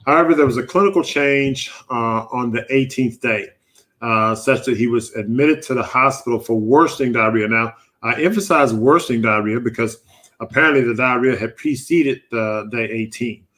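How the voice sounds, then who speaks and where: A middle-aged man hosts a live medical panel from a studio, walking through his slides. His voice sits at an ordinary middle pitch, and he talks in a loose, conversational way, leaning on fillers as he goes. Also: moderate pace. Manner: relaxed, filler-heavy, conversational. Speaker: physician hosting a live panel show. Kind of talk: live online presentation with slides.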